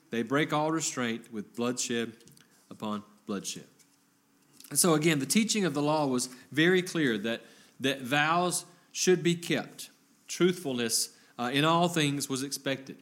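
A man preaching a sermon in an earnest, measured way, reading scripture aloud with some fillers. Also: medium pitch, a bit bright.

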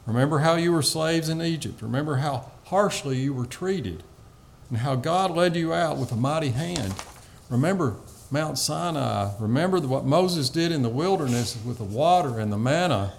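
A man's voice: a little high, animated, normal speed, vocal fry, a little hiss or hum. A man preaching a sermon, teaching on a psalm in an earnest, pleading way with some fillers.

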